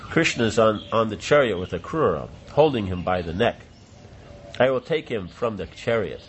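A man reading the lines of a lovesick young woman, exclaiming and lamenting in his own lowish voice. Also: expressive, normal speed, dull audio, a little hiss or hum, close to an everyday voice.

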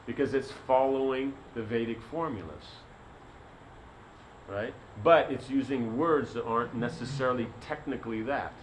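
Male spiritual teacher, rambling sermon, mid-pitched, faint background noise. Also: normal speed, low-quality recording. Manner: rambling, many fillers like "you know". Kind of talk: sermon with a told story.

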